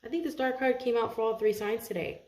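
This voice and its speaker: A woman giving a casual tarot reading to her viewers, chatty, laughing often and thinking aloud with many pauses and restarts. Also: a little high, fairly even intonation, a little mellow. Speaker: tarot reader. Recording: roomy echo.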